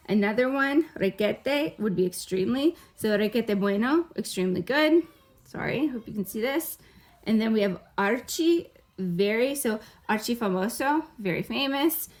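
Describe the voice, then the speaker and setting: A woman teaching a recorded online Spanish lesson, speaking through a computer mic. She sounds friendly and often checks in with "okay?". She drops Spanish words into her English as she explains. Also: medium pitch.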